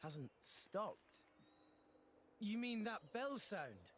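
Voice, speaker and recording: A man's voice: sits high, sing-song, drawn-out words, a bit bright, slight background noise, heavily acted. An actor with a British accent playing an earnest young male adventurer hero in a video game, blurting bewildered questions. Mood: confused. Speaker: game character.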